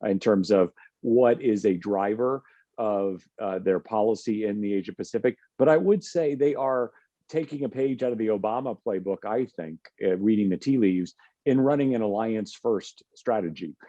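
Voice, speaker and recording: A man with a low, mellow voice talks through policy points on a panel, pausing often with fillers and restarting his sentences. The audio is dry and a little muffled, with no room sound. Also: no echo. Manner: measured, with many fillers and restarts.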